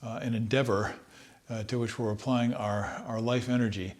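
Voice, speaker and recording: A man teaching trumpet, talking in a relaxed, thoughtful way and sometimes singing short phrases to demonstrate. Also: mid-range voice, normal speed. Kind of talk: instructional talk.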